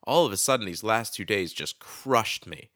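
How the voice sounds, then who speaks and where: A young man with a blocked-up nose runs his solo podcast, rambling and cursing with caffeinated energy. His slightly low voice sounds forceful and bright. The recording is dry and close, with no room sound. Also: normal speed, no echo. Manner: rambling, profane, wired and excitable. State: stuffy with a head cold. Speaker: podcast host.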